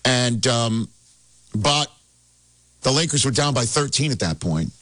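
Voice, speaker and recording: A man hosting casual sports talk, animated and excitable, laughing as he tells it. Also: medium pitch, a little slow, no room sound. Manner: animated, excitable, laughs while telling stories.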